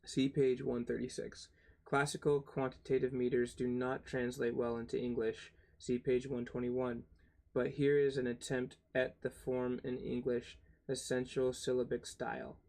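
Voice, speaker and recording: A man's voice: medium pitch, flat delivery, moderate pace, gravelly, a little mellow. A young man reading a textbook aloud on his channel, stumbling over hard words, spelling them out letter by letter, and grumbling and cursing between passages. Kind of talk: casual read-aloud with asides.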